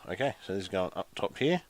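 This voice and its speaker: A man's voice: deep voice, sing-song, moderate pace, fairly bright tone. A man hosting a casual live stream, chatty and muttering to himself while concentrating on a build.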